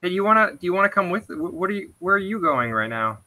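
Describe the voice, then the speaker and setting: A man's voice: high-pitched, big pitch swings, quick pace, pushed and bright, low-quality recording. A man playing a tabletop game in character, earnest and stammering. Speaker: player.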